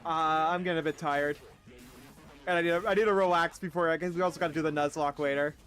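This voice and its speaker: A man's voice: on the high side, steady tone, fast talker, a bit bright, faint music behind. A man streaming a game, rambling casually, swearing and mocking himself. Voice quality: swearing, self-deprecating, rambling. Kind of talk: casual gaming commentary.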